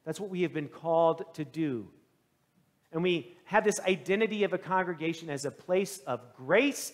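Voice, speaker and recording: A male pastor preaching a sermon in a church, with animated, conversational storytelling. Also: a little high, moderate pace, big-room sound.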